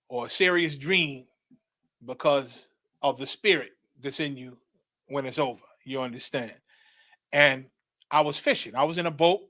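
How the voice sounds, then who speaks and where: A middle-aged man tells his story with a hard, forceful edge and a fairly high voice. He preaches it like testimony, repeating phrases and climbing into excited shouts. The sound is close and dry. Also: no echo. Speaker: religious teacher.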